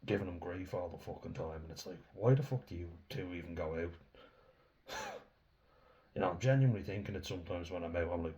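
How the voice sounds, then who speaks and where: Deep-voiced Irishman, blunt and sweary. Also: fairly quick, long pauses, warm tone. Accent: Irish, Dublin. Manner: swears freely, rambling and blunt, laughs often. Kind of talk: casual ranting monologue.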